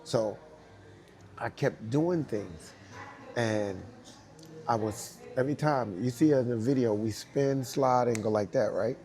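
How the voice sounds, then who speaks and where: A male dancer telling an animated, laughing anecdote, acting out the people he quotes. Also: mid-range voice, takes it slowly. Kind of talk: animated storytelling.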